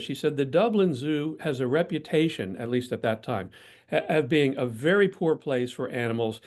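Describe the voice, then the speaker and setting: An older man, a guest in an interview, telling self-deprecating anecdotes in a reflective, steady way. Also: mid-range voice, normal speed. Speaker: guest, PR professional. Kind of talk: storytelling in interview.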